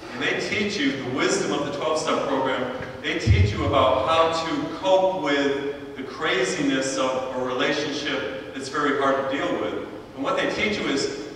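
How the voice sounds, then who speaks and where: A man's voice: a little high, a bit bright, slight background noise. A male priest delivering a sermon in a church, telling stories and stretching out emphatic phrases. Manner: storytelling preacher, drawn-out emphatic phrases. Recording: echoey church from a distant mic.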